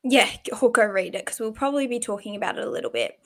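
A woman's voice: mid-range voice, sing-song, fast talker, creaky. Chatty woman co-host. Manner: chatty, reacts with gasps and laughs. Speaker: podcast co-host. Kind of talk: casual chat.

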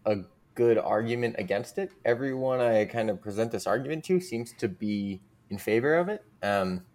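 A man's voice: mid-range voice, normal speed, a little mellow. A man speaking as a podcast guest, making a rambling, earnest case full of fillers. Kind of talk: casual conversational argument.

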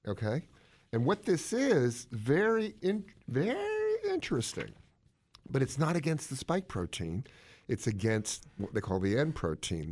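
A man co-hosting a casual chat, explaining health news in a jokey, animated way. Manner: animated, jokey, swoops up in pitch for emphasis.

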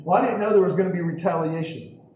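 Emphatic male preacher, high voice, echoey hall, distant mic, faint hiss. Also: fast talker, a little mellow. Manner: emphatic, repeats words, asks audience "okay?". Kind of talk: sermon testimony storytelling.

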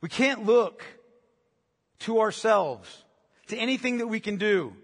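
A man's voice: sits high, big pitch swings, a little slow, pauses often, long reverb tail. A man preaching a sermon as pastor, emphatic, repeating key phrases and asking rhetorical questions.

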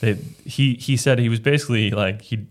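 A man's voice: medium pitch, a little fast. A man, a pastor, talking through a book of the Bible in a casual discussion, earnest and often restarting his phrases as he reads verses aloud.

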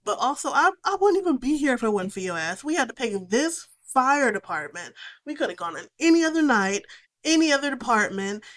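A woman's voice: high-pitched, very animated, brisk, fairly bright tone. Young woman host, casual film recap, profane and sarcastic delivery.

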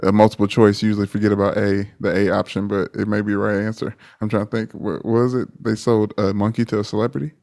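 A man's voice: fairly low pitch, little pitch movement, fast, creaky, few pauses, a little mellow. A man co-hosting a casual podcast chat from a remote line, easygoing and searching for his words. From Florida, USA. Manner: easygoing, with many fillers and restarts. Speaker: podcast co-host.

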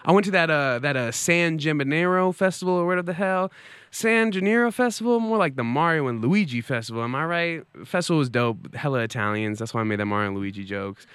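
A man's voice: on the high side, fast talker, clean tone, dry recording, clean studio sound. A young man in his twenties hosting a comedy show and delivering a joking monologue. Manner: animated, joking, swings into put-on voices. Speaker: host. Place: New York City.

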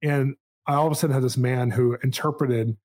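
This is casual storytelling from a podcast: a man of about forty-something, voice in the middle range, shares something that happened to him. Quick side remarks pepper the tale, delivered with lively, self-amused energy.

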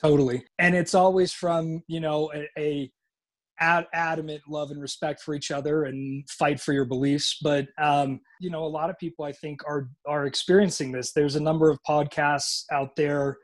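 A man's voice: a little high, fairly even intonation, moderate pace. A man from Utah, a podcast guest telling personal stories in casual chat, acting out the voices of people he quotes, with frequent restarts and swearing.

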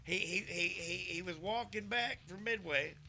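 A man hosting a podcast, retelling a story in a profane, animated way and quoting himself often. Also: high-pitched, moderate pace, a little hiss or hum. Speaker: podcast host. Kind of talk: casual storytelling chat.

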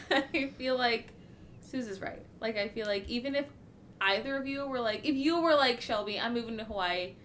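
A woman's voice: fairly high pitch, moderate pace, a bit bright, a little hiss or hum. A woman chatting casually and animatedly, gushing about a friend and swearing freely. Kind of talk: casual chat.

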